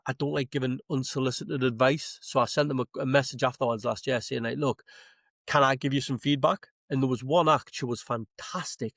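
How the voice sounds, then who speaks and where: A Geordie man, a comedian, spinning long stories on a podcast with plenty of swearing and acted-out lines. His voice sits at an ordinary middle pitch. The sound is dry and close, with no room around it. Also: no room sound. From Newcastle, England. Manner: swearing, animated anecdotes with acted-out quotes. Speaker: stand-up comedian, podcast guest. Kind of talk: casual podcast chat, storytelling. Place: podcast studio.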